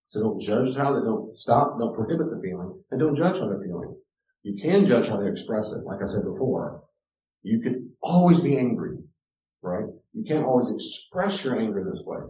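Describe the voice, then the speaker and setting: Male speaker, mellow timbre, emphatic teaching delivery, distant dull room recording. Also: medium pitch, big pitch swings, moderate pace. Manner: emphatic, repeats key words, addresses listeners directly. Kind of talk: teaching talk to an audience. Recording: roomy, distant, dull lo-fi sound.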